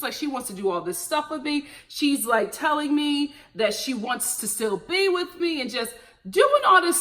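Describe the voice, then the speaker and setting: A woman recapping a reality show in a casual, gossipy, animated way, laughing often and using slang. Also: high voice.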